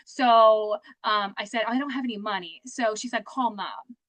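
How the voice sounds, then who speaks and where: A young woman with a high voice tells her story in a casual, upbeat way, full of faith and jokes about herself. The recording is close and dry, with no room sound. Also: normal speed, fairly bright tone, no echo. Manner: chatty, faith-filled, self-deprecating. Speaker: guest speaker, sales director. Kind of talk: casual motivational talk.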